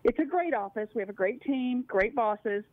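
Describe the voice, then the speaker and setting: A woman's voice: on the high side, animated, normal speed, dry recording. Chatty woman caller on a phone line. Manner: chatty, laughing storyteller. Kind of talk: phone-in call on talk radio.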